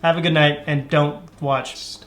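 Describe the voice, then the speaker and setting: High-voiced man with wry reactions. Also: level tone, measured pace, a bit bright, reverberant, a little hiss or hum. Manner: dry, wry reactions and an upbeat sign-off. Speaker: podcast host. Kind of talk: casual comedic chat.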